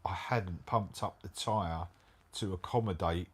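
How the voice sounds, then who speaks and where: A middle-aged man telling a motorbike travel story in casual chat, animated and full of slang. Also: low-pitched, a little slow, slightly rough. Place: hotel room, indoors.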